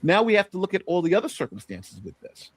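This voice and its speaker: A man's voice: high-pitched, big pitch swings, fast talker, no room sound. A man hosting a casual panel discussion, laying out an argument point by point. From New York. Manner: argumentative, builds a case point by point. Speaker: panel host.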